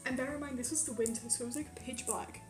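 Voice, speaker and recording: High-voiced young woman telling a story. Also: fast talker, roomy sound. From Quebec, Canada. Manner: animated, swears often, many "like" fillers. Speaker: streamer. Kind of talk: casual storytelling. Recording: faint music behind.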